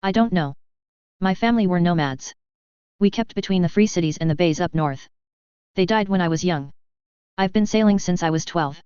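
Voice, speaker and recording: A woman's voice: lowish voice, moderate pace, long pauses, a little mellow, clean tone, no echo, lightly acted. A woman reading an earnest, sincere young man. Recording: slightly dull lo-fi dry.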